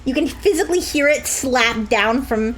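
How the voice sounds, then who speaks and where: A young woman streaming a game, joking and laughing a lot with high squeals. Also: lively intonation, moderate pace, very noisy. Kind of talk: casual game commentary.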